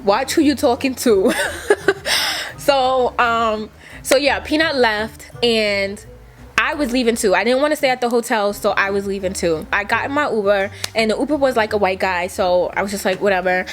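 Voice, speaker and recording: A young woman vlogger with a slightly bright voice tells a casual story at a moderate pace. She's chatty and profane, says "like" constantly, and acts out quotes with big leaps in pitch.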